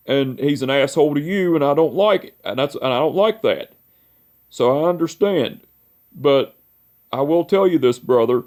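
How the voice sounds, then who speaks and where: A man's voice: a little high, darkish tone. A young man in his twenties telling a heartfelt, rambling story in a personal memorial vlog, repeating "I said" and "you know" often. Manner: emotional, heartfelt.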